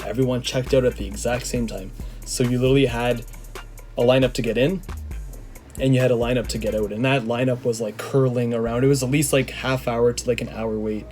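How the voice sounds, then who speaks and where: A young man from Canada tells a story to his camera in an excitable, rambling way. He stumbles through fillers and restarts, his voice mid-pitched. Faint music plays underneath. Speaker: vlogger.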